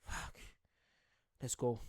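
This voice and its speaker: A young man who grew up in Ireland gives casual, excitable reaction commentary, swearing and laughing at himself. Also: drawn-out words. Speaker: reaction video host.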